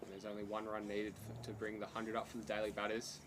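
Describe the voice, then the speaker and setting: A man doing live commentary on an amateur cricket match, building to shouts on big hits. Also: on the low side, monotone, quick pace, background noise.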